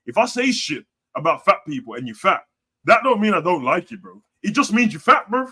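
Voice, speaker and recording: A man's voice: high voice, very animated, a little fast, husky. A man hosting a casual live stream, reading out chat comments in a blunt, profane, heavy way. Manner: blunt, profane, slangy, swings between loud and quiet.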